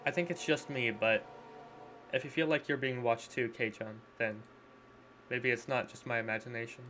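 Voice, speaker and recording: A man softly voicing a worried, polite teenage girl. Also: medium pitch, fairly even intonation, normal speed, a little hiss or hum, natural voice. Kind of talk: reading a visual novel aloud.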